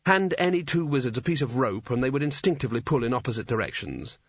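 Man, audiobook narrator, husky voice, lively pitch, dry muffled recording. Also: fast talker, no room sound. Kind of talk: scripted fantasy narration.

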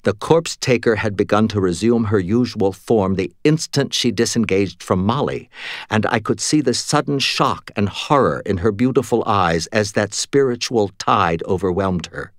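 A man narrating a fantasy novel in the first person, with steady, even storytelling. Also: lowish voice, moderate pace, no echo, clean studio sound. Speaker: audiobook narrator.

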